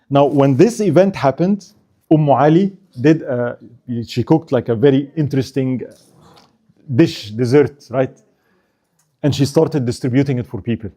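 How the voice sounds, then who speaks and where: With a fairly high pitch and a dark tone, a man presents a casual history lecture at an Islamic center. He regularly checks in by asking "right?" and jokes and laughs along with his audience.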